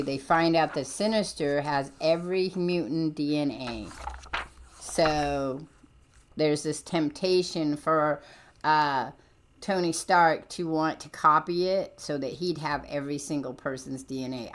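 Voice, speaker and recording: Woman streamer chatting loosely, jumps around a lot, lots of ums, pretty low voice. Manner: rambling, jumps between points with many ums. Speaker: livestream host. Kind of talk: casual chat about comics.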